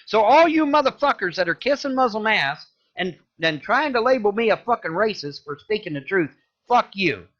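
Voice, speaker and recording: A man delivering an angry, profane rant, cursing loudly and repeating himself. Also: sits high, big pitch swings, moderate pace. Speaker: ranting video creator. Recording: dull lo-fi audio.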